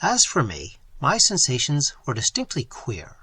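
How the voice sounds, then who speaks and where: A man's voice: mid-range voice, unhurried, slightly rough, no echo. A man narrating a novel in the first person, telling it expressively. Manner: expressive, wide-ranging storytelling. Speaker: audiobook narrator.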